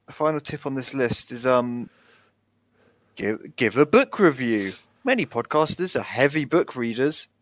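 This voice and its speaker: A man co-hosting a podcast in casual chat, lively and reading out tips from a list. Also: mid-range voice, measured pace, dry recording. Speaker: podcast co-host.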